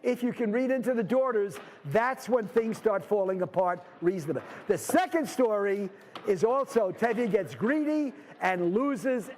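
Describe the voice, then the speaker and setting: A man teaches a literature class in a conversational, explanatory way, reading passages aloud and wandering into asides. His voice sits high. A long reverb from the lecture hall carries after his words. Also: expressive, moderate pace, darkish tone, slight background noise. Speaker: literature instructor.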